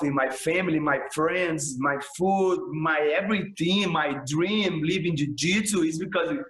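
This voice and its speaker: A man's voice: fairly high pitch, fairly bright tone, roomy sound, low-quality recording. A man, a jiu-jitsu instructor talking passionately in a casual podcast interview, filling his speech with "man" and "bro".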